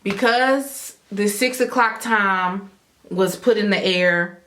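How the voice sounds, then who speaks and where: A woman telling viewers a personal story in a casual, animated way, speaking straight to them and acting out her own thoughts along the way. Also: mid-range voice, slow pace.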